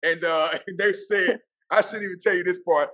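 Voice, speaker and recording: High, bright-voiced storyteller man. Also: normal speed. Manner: lively, acts out quotes. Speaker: athletic director, podcast guest. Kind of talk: animated storytelling.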